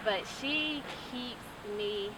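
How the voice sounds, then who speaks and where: A woman's voice: a little high, very slow. A young woman giving an earnest, candid interview, with casual fillers and restarts. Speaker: interview guest. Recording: noisy, from a distance.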